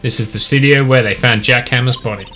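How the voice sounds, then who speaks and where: A chirpy, spirited young woman sidekick from a video game, as a man voices her. She sounds bright and forceful, teasing her partner along. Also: medium pitch, steady tone, quick pace, soft background music, close to an everyday voice.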